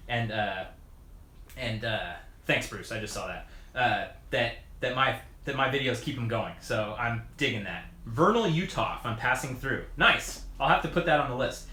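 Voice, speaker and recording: Chatty man in an echoey room. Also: medium pitch. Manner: rambling, lots of "like" and restarts, chuckles often; relaxed and friendly, talking while working on his bike. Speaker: mountain bike video creator answering live chat. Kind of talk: casual live-stream chat.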